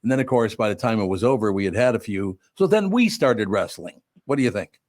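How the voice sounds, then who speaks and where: Here the same older Minnesotan radio host sounds lower and somewhat dark in tone, talking fairly quickly with lively intonation. He chats in a casual interview manner and rambles through stories with lots of restarts, all in clean studio audio without room sound.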